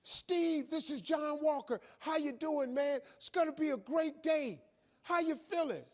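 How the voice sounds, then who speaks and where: A man putting on a booming, cheery early-morning caller. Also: unhurried, long reverb tail. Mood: cheerful. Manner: booming, cheery, repetitive greeting. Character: relentlessly upbeat adult male friend calling at dawn.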